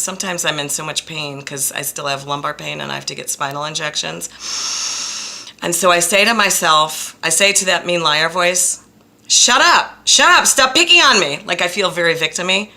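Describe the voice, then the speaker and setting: A woman's voice: low voice, fairly even intonation, brisk, creaky, bright, forceful tone. A woman counselor talking straight to camera about her own experience, frank and blunt, stressing points by repeating them. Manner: frank and blunt, openly emotional; emphatic, repeats phrases for stress. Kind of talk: direct-to-camera personal talk.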